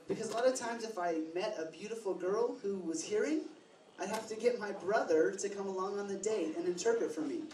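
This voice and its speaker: A man's voice: sits high, darkish tone. Man voicing stand-up in an echoey club. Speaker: interpreter voicing a deaf stand-up comedian. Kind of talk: stand-up comedy. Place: comedy club lounge. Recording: distant roomy club mic with crowd and noise.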